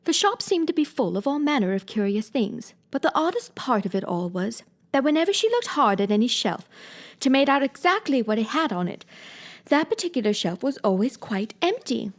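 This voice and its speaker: A woman reading a classic storybook aloud, narrating in an expressive, gently dramatic way. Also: mid-range voice, fairly quick. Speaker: reader.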